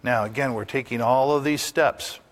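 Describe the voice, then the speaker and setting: A man's voice: medium pitch, normal speed. Older man preaching a folksy sermon. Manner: folksy, anecdotal, rhetorical questions to the congregation. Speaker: pastor.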